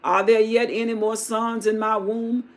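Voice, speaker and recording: A woman's voice: fairly high pitch, level tone, normal speed, close to an everyday voice. A woman voicing a grieving aging widow who pleads with her daughters-in-law in a folksy, weary way during a live Bible retelling. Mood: pleading.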